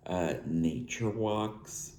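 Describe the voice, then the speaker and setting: A man in his thirties talks slowly to his viewers in a low, mellow voice. He has a slight lisp and a halting way of speaking, often restarting his phrases. The sound is echoey, with faint ambience in the room behind him. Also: a little hiss or hum. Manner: halting, with restarts and filler words. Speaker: vlogger. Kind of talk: personal talk to viewers.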